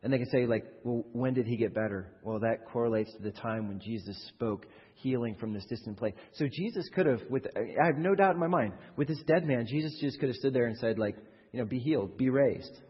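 A pastor preaches to his congregation in a husky, mid-range voice, a little fast, speaking plainly and pressing rhetorical questions as his fervor rises. A long reverb from the church hall surrounds him, and the recording sounds dull and lo-fi.

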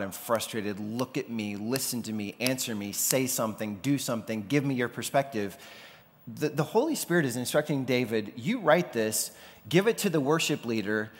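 A man preaching a sermon in a loose, conversational way, sometimes acting out the people he quotes. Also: mid-range voice. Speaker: pastor. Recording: long hall reverb.

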